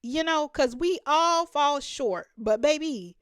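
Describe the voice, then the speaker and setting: A woman's voice: high-pitched, lively intonation, takes it slowly, no echo, clean studio sound. Emphatic woman hosting a reaction video. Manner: emphatic, talks straight to the viewers, laughs often. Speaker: reaction channel host. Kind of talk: reaction commentary.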